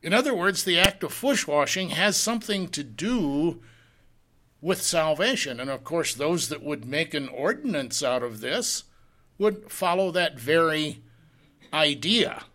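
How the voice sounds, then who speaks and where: A man's voice: on the high side, animated, measured pace, sharp tone. A man preaching a sermon, teaching a Bible passage verse by verse, reading the scripture in old-fashioned wording and asking rhetorical questions. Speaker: pastor.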